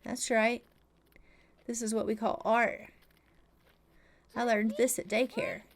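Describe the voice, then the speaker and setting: A woman's voice: fairly high pitch, little pitch movement, takes it slowly, a little hiss or hum. A woman voicing a cranky, teething toddler boy for a life-sim game story, whiny and defiant.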